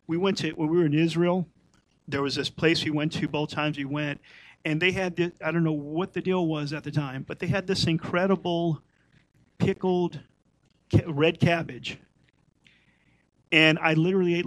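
Middle-aged male teacher with a higher voice who chats his way through scripture and hammers home key points by repeating them, on a dry recording. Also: no room sound, rough recording. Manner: conversational, repeats points for emphasis. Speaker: Messianic Torah teacher. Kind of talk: informal Torah teaching.

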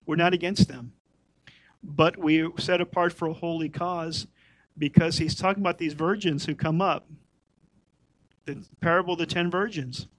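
Middle-aged male teacher with a higher voice who chats his way through scripture and hammers home key points by repeating them, on a dry recording. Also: no echo, poor audio. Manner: conversational, repeats points for emphasis. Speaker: Messianic Torah teacher. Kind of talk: informal Torah teaching.

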